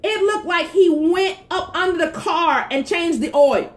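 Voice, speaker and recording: A woman telling a story about her husband in a casual live-stream chat, animated and laughing, talking straight to her viewers. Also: very high voice, measured pace. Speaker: wife co-hosting a live stream. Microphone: phone.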